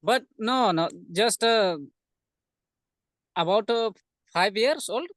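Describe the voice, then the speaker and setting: A man's voice: high-pitched, takes it slowly, fairly bright tone, no echo, studio quality. A man from India studying English, answering hesitantly in short replies with fillers. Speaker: English student. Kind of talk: lesson conversation.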